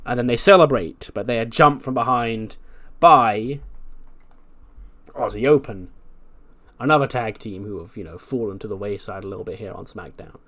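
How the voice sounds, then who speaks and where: A man's voice: lowish voice, normal speed, a bit bright. Male game commentator, casual chatty recap, lots of fillers. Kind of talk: casual narration of a wrestling sim run.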